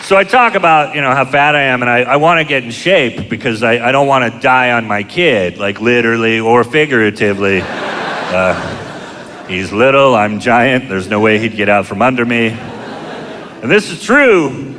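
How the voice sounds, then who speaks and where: A middle-aged man doing a stand-up comedy set, telling crude, self-mocking stories in a deadpan way, recorded live in a comedy club. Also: medium pitch, normal speed. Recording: live club show, long hall reverb, audience noise. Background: audience laughter.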